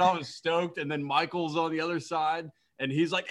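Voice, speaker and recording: A man's voice: normal speed, few pauses. A man co-hosting a podcast, telling a story in casual chat and acting out quotes with big jumps in his voice. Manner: animated, acts out quotes with big pitch jumps. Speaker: podcast co-host.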